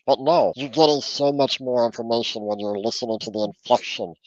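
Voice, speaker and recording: A man's voice: medium pitch, wildly swooping pitch, fairly quick, vocal fry, a little mellow, no room sound. Earnest man coaching, dry dull audio. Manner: earnest, instructive, repeats words when restarting. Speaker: transformational coach, guest. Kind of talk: podcast interview, coaching advice. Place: home office.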